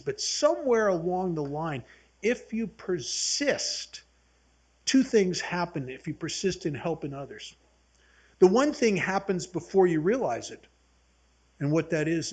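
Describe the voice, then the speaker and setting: A man's voice: fairly high pitch, darkish tone, slightly rough. A man in his seventies leading a recovery workshop, talking earnestly and telling folksy stories to a group. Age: 70s. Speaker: AA workshop speaker.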